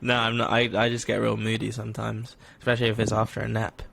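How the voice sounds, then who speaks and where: A man's voice: on the low side, completely flat delivery, quick pace, gravelly, a bit bright. A young man co-hosting a podcast, chatting casually in a rambling, self-deprecating way and laughing often. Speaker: podcast co-host. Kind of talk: casual chat.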